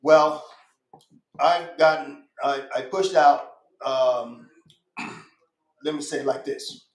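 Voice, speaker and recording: A man's voice: a little high, steady tone, takes it slowly. A man guest on a podcast, speaking in an emphatic, insistent way and repeating his points. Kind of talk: casual podcast conversation. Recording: echoey room.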